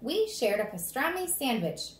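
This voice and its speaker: A woman's voice: high-pitched, sing-song, normal speed, slight background noise, voice pushed up. A woman voicing a stubborn, whiny little boy in a storybook reading, pleading and pouty. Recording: roomy echo.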